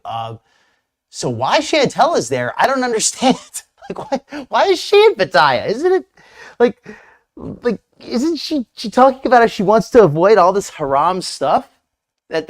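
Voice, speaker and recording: A man hosting a live stream, commenting casually on a clip in a rambling, hesitant way with many restarts. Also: on the high side. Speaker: streamer host reacting to a clip.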